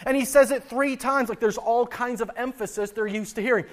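High-voiced preaching man. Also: a little fast. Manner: earnest, repeats and restarts words, shifts loudness for emphasis. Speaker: pastor. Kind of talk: sermon.

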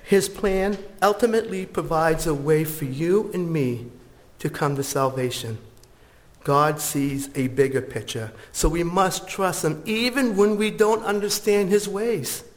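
Casting: a male pastor with a slightly high voice, slow and earnest. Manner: slow, earnest storytelling and prayer. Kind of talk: sermon.

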